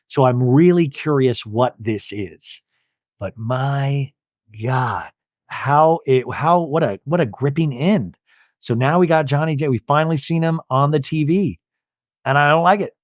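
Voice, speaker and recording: A man's voice: on the high side, no room sound. Young guy podcast host gossiping, voice jumps all over, kinda tired, dry mic. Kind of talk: casual chat.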